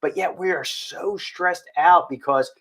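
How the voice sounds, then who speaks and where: A man's voice: sits high, measured pace, fairly bright tone, breathy edge. A man hosting a casual talk show, joking and stumbling over his words. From northern United States. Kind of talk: casual chat.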